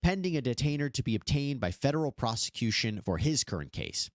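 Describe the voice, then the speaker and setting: A man reading a news report in a measured, formal way. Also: mid-range voice, big pitch swings, no room sound, studio quality.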